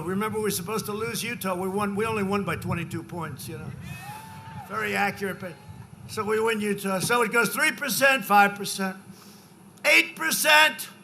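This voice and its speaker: A forceful, tense-toned man in his seventies speaks at a big political rally, his fairly high voice cutting through faint background noise. He rambles through repetitive asides to the crowd, then shouts out numbers for emphasis. The delivery is loose and off the cuff, like campaign talk at a podium microphone. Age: 70s.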